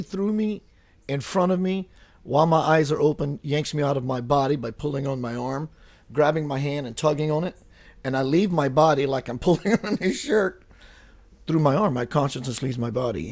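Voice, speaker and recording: A man's voice: fairly high pitch, a little mellow, no room sound. A male talk show host who speaks earnestly and with fervent conviction about his own experiences. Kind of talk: casual talk show conversation.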